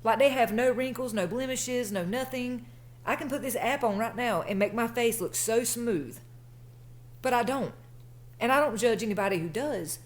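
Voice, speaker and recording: A woman's voice: fairly high pitch, moderate pace. Chatty woman telling a story. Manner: chatty, colloquial, conversational. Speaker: vlogger. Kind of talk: casual storytelling.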